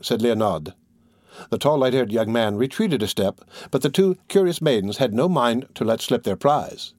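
A man's voice: mid-range voice, dry recording, studio quality. Man narrating a storybook. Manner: measured, expressive reading. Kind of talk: scripted narration.

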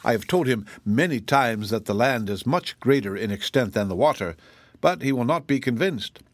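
A man's voice: mid-range voice, expressive, normal speed, dry recording, studio quality, close to an everyday voice. A man voicing a proud, pompous male zebra in a storybook reading, with a formal and indignant way of speaking. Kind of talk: audiobook reading.

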